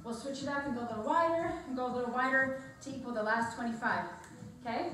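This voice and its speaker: A woman's voice: high-pitched, fast, fairly bright tone. Woman, fitness instructor, encouraging, counting reps, a little breathless, very echoey room, mic far off. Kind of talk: coaching a home workout class.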